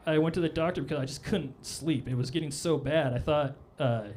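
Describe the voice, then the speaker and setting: A man's voice: on the high side, brisk, darkish tone, a little hiss or hum. A man performing a stand-up comedy set on a club stage, with a loose, rambling delivery full of "all right?" asides.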